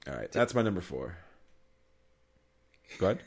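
A man's voice: deep voice, very animated, moderate pace, creaky, pauses often. A man hosting a casual podcast countdown, chatting loosely and swearing now and then. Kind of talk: casual chat.

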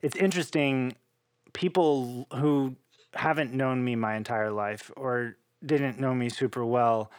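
A man, a cellist, telling his story in a casual interview with animated, laughing delivery. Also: mid-range voice, no room sound.

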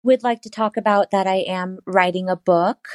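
A woman telling a personal story in an interview, animated and laughing often as she acts out what she said at the time. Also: mid-range voice, normal speed, no echo, rough recording. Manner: animated, laughs often, acts out her own past lines. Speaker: guest.

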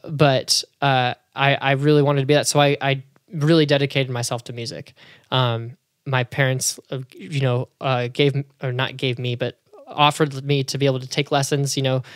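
A man's voice: mid-range voice, dry recording, clean studio sound. A man talking casually and at length about his faith, with many fillers and restarts. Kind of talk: casual conversational testimony.

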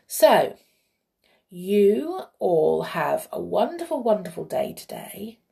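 A woman storyteller reading a children's story aloud in a gentle, expressive way, chatting warmly with her young listeners. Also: medium pitch, slow, gravelly.

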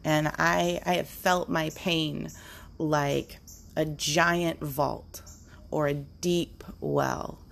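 A woman's voice: low-pitched, fairly even intonation, very slow, creaky. A middle-aged woman hosting a podcast, talking through her thoughts unscripted in an earnest, musing way, now and then slipping into playful quoted voices. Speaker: podcast host. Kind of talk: unscripted reflective monologue.

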